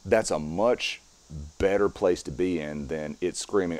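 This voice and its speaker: A man's voice: low-pitched, unhurried, a little mellow, dry recording. A middle-aged strongman guest talking casually in an interview, explaining his methods step by step as he demonstrates.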